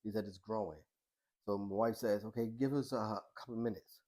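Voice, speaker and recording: A middle-aged man, a boxing coach and social worker, tells a personal story in a podcast interview. He speaks colloquially and earnestly, often acts out past conversations as quoted dialogue, restarts his sentences and drops to a hushed voice. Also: on the low side, fairly even intonation. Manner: halting with restarts, softening to a hushed voice.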